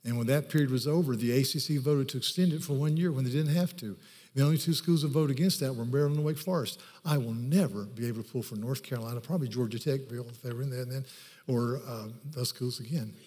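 A male pastor speaks fast in a medium-pitched, dark-toned voice, his sermon echoing through a reverberant hall. He shares stories and then hammers home his scriptural points with emphasis.

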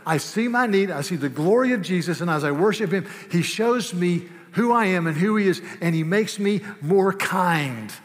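A man preaching a sermon as pastor, swinging from hushed, tender asides to loud, emphatic declarations. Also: high voice, lively intonation, moderate pace, hardly any pauses. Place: church sanctuary. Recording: long hall reverb.

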